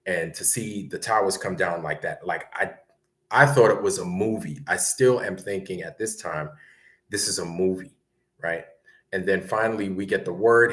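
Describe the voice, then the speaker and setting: A man, telling a long story in a rambling, conversational way and often tagging his sentences with a quick question. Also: low voice, a bit bright. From Brooklyn, New York. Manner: rambling, conversational, keeps asking "right?". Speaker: guest recounting military service. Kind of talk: casual storytelling.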